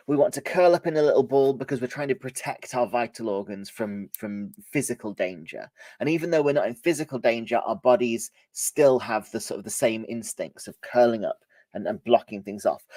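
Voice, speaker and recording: A man leading a presentation skills workshop, slightly hoarse from a cold, talking casually and shifting his volume and pace to demonstrate. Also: mid-range voice, a little mellow, dry recording. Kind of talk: live workshop lesson.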